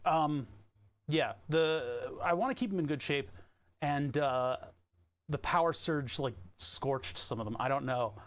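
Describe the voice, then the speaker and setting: A man's voice: a little high, unhurried. A man chatting casually on his stream, rambling and restarting sentences with little chuckles. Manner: rambling, self-interrupting, chuckling.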